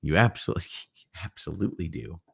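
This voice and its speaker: Low-voiced rambling man chatting. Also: quick pace, gravelly, husky. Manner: rambling, animated storyteller. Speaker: livestream co-host. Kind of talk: casual chat.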